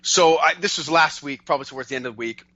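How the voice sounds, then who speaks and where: A man's voice: on the high side, quick pace, muffled recording. A man from Canada co-hosting a casual podcast, telling stories with lots of energy and acting out the quotes. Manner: animated storyteller, acts out shouted quotes. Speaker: podcast co-host.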